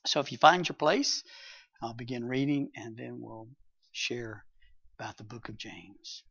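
A hoarse man with a raspy voice, leading an evening Bible study, reading scripture and praying with the group. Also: medium pitch, unhurried, fairly bright tone, no room sound, lo-fi sound. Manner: plain teaching with fillers and prayer.

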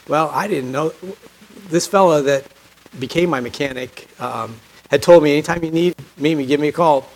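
Male preacher, folksy sermon storytelling, slightly high voice, drops quiet then lifts for emphasis. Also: normal speed, rough recording. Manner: folksy storytelling, often drops to a quiet low voice, rises when stressing a point.

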